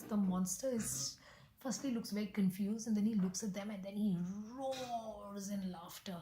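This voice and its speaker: A woman's voice: medium pitch, moderate pace, warm tone, echoey room, a little hiss or hum. A woman telling a folk tale with voiced animal characters, often dropping into a whisper. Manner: often drops to an unvoiced whisper. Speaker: storyteller.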